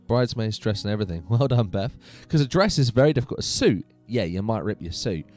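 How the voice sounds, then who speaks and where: A man hosting a casual gaming live stream from his home computer room, chatty and animated, laughing often. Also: lowish voice, fast talker, faint music behind.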